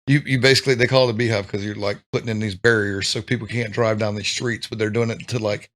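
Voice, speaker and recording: A man's voice: on the low side, steady tone, quick pace, a bit bright. A man, a military veteran, telling blunt stories in a casual podcast chat. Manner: blunt, laid-back storytelling with swearing.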